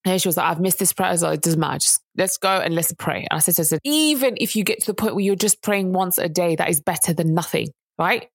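A woman's voice: on the low side, lively intonation, quick pace, creaky, hardly any pauses, no echo. A woman, co-hosting a casual chat and telling a story in an earnest way that rises to indignant emphasis. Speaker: podcast co-host.

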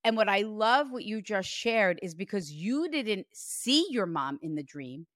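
A woman medium talks through a spirit reading in an animated, emphatic way, her voice dry and close. Her pitch sits in a middle range for a woman. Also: a little slow, dry recording. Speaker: psychic medium.

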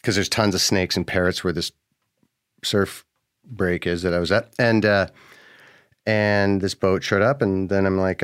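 A man's voice: fairly low pitch, normal speed, a bit bright, no echo, clean studio sound. A man hosting a podcast, telling a story casually, laid-back and sarcastic, swearing often. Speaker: podcast host.

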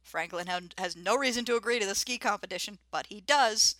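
A woman's voice: mid-range voice, fairly quick, fairly bright tone. A woman co-hosting a podcast, recapping a cartoon plot in a wry, dry storytelling manner. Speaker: podcast co-host. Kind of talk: casual recap chat.

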